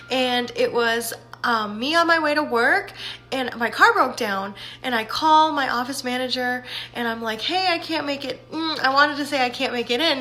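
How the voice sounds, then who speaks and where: A woman's voice: sits high, bright, forceful tone. A young woman casually telling a faith testimony, chatty, with fillers and acted-out quotes. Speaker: faith vlogger.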